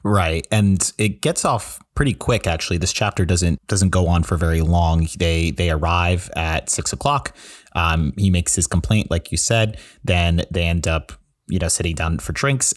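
A man co-hosting a podcast, casually summarizing a novel's chapter in a relaxed way with frequent fillers. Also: sits low. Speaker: podcast co-host. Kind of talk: casual literary discussion.

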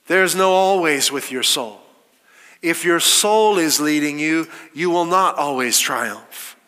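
Male pastor, emphatic sermon delivery, brighter and higher than most men, long hall echo. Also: slow, clean tone. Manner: emphatic, rhetorical questions, quoting scripture. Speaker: preacher.

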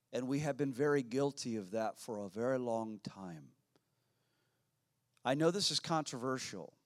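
A male pastor preaching at an unhurried, deliberate pace in a mid-pitched voice. He repeats phrases for weight and swings between hushed, near-whispered passages and loud, fervent peaks. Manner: dramatic swings from hushed to shouting; slow, emphatic preaching with repetition. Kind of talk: sermon.

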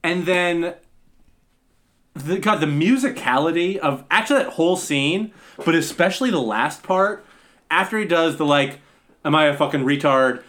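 A man on a casual podcast, recapping a movie scene in a dry, deadpan way. He pauses often on hesitant fillers, yet his pitch rises and falls a lot. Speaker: podcast co-host.

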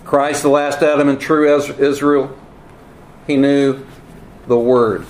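A man preaching a teaching sermon, earnest and emphatic, with wry asides and halting repeats. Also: medium pitch, level tone, darkish tone. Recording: roomy echo, faint ambience.

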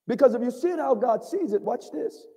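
A man's voice: very high-pitched, animated, brisk, mellow, slightly rough. A man preaching an impassioned sermon to a congregation, calling out for their responses. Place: church sanctuary. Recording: long reverb of a large hall.

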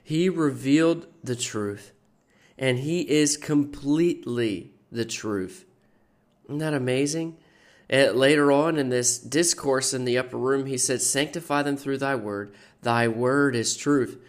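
A man hosting a Christian devotional podcast, teaching earnestly and slowing down to stress the scripture he quotes. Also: medium pitch. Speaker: podcast host and preacher.

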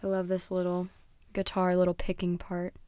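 A woman's voice: on the low side, completely flat delivery, moderate pace, mellow, clean tone, dry recording. A young woman chatting casually as a music reviewer, rambling and dropping into whispered asides. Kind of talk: casual chat.

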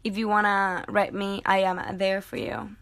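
A woman's voice: mid-range voice, level tone, normal speed, a bit bright. Woman, solo podcast host; casual, sarcastic, laughs often while reading comments aloud.

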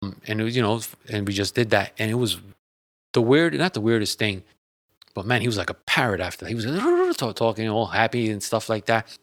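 A man with a fairly low voice tells a personal story in an easygoing, earnest way. He rambles, repeating words and restarting sentences as he goes. The sound is dry and close, with no room echo. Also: big pitch swings, a little fast. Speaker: guest sharing a personal story. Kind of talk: casual storytelling.

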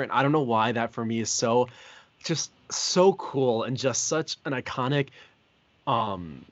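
A man's voice: mid-range voice, no echo, dull audio. A man co-hosting a podcast, talking through a film in casual chat with earnest, reflective enthusiasm. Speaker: podcast co-host.

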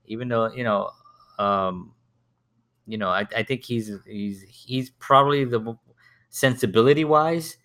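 A man's voice: medium pitch, measured pace, a bit bright. Rambling man in casual chat. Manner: rambling, full of restarts and repeated words.

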